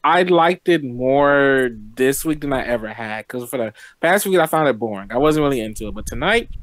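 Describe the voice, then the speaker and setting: A man co-hosting a casual review chat, talking excitedly and repeating himself. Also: medium pitch, normal speed. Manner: chatty, repeats words when excited. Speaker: co-host.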